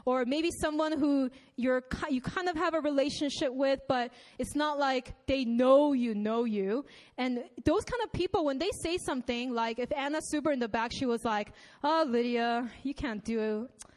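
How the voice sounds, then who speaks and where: A woman's voice: high voice, normal speed. A young woman preaching a sermon in a conversational way, reading scripture and chatting with many asides and fillers. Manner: reads scripture aloud.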